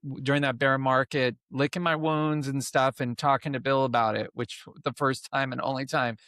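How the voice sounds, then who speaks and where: Halting, emotional podcast host, a man. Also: mid-range voice, steady tone, fairly bright tone, dry recording, studio quality. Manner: emotional, halting, many restarts. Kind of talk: casual interview chat.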